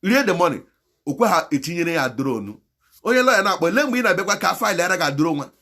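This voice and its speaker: A man with a Nigerian Igbo accent preaches straight to camera in a slightly raised voice, hopping between Igbo and English. He swings from loud, impassioned exhortation to low, pleading appeals, moralizing throughout. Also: very animated, fast talker. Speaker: channel host.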